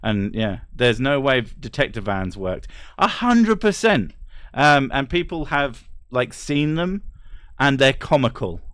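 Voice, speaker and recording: A man streaming casually, reading chat aloud and ranting bluntly with plenty of swearing and quick laughs. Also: medium pitch, sing-song, a bit bright, smooth, no echo.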